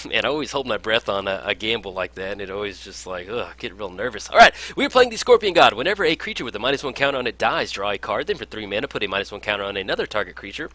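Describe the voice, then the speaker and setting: A man's voice: lowish voice, sharp tone. A man casually commentating his own card game match in an upbeat, chatty way, with frequent fillers. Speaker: gameplay commentator.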